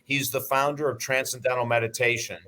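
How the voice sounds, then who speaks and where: Here a life coach and broadcaster in his sixties spins anecdotes as a guest in an interview, talking fairly quickly in a medium-pitched voice. His delivery is lively, blunt and forceful, with the occasional curse word.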